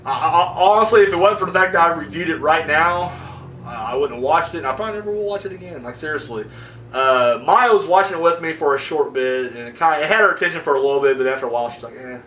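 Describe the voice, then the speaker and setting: A man ranting casually and profanely in a movie review, swinging between loud outbursts and mumbling. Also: on the high side, quick pace, reverberant, distant mic, a little hiss or hum.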